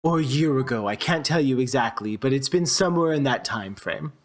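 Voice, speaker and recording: An eccentric male trader in a tabletop game, grand and vague, as a game master puts him on. He talks in a fussy, flowery way, lifted a little higher than the performer's own voice. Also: animated, fairly quick, natural voice.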